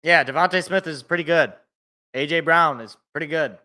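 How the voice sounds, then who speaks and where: A man hosting a sports podcast alone, ranting in a rambling, animated way and cutting himself off. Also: fairly high pitch, moderate pace. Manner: rambling, animated, self-interrupting. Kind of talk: casual solo sports rant.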